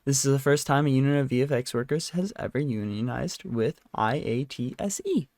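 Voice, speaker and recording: A man's voice: medium pitch, expressive, fairly quick, darkish tone, dry recording. A tired man hosting a podcast alone, chatting casually in a rambling, self-deprecating way and apologizing often. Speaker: podcast host. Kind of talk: casual solo podcast chat. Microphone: handheld microphone at a desk.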